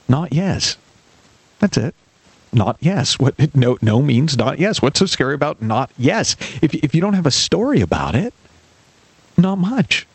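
Gravelly, lively male radio host. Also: mid-range voice, no echo. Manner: storytelling, acting out quoted characters, emphatic. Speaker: radio show host and life coach. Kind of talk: radio call-in show monologue.

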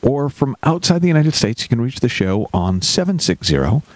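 A man's voice: mid-range voice, big pitch swings, moderate pace, dry recording. A man hosting a radio coaching show, telling a story in an emphatic, storytelling manner and acting out the characters in it. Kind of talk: radio call-in show monologue.

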